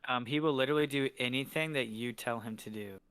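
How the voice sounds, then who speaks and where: A man's voice: medium pitch, fast, a bit bright, smooth, no echo. A man playing in a tabletop game, chatting in a joking, easygoing way. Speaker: player. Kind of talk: casual tabletop game chat.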